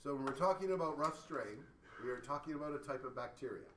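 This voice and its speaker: A man from Canada teaching a high school science class, explaining with playful, joking analogies. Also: lively intonation, fast, slight background noise. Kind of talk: classroom lecture. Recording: echoey classroom from far off.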